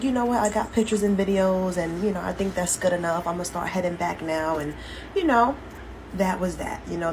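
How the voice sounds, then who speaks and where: A woman's voice: fairly low pitch, a little mellow, a little hiss or hum, low-quality recording. A woman talking candidly into her phone to her followers in a rambling, profanity-laced casual vlog. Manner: candid, rambling, heavy swearing. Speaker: social media poster.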